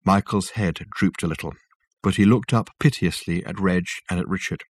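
A man reads a novel aloud in a measured, wry manner. His voice sits fairly low, and the recording is close and dry with no room sound. Steady, clear audiobook narration. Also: dry recording. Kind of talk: scripted narration.

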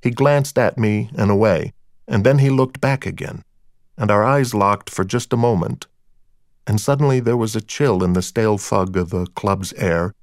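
A man's voice: on the low side, dry recording. A man narrating a first-person crime story in a dry, wry storytelling manner. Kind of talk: audiobook narration of a crime novel.

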